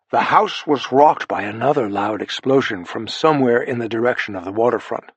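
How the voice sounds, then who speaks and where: A man reading a thriller audiobook in a measured, even narration. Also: medium pitch, breathy edge, dry recording. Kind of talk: scripted narration.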